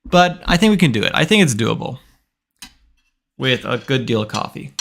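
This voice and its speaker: A man's voice: medium pitch, sing-song, moderate pace, gravelly, fairly bright tone, a little hiss or hum. A young man in his twenties streaming his game development, talking casually and thinking aloud with frequent restarts. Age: 20s. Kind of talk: casual live-stream talk while coding.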